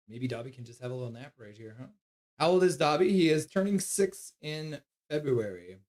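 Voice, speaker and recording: A man hosting a live hockey stream, calling the play, reading chat and cooing at his dog in soft baby talk. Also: a little high, expressive, a little fast. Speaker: streamer host.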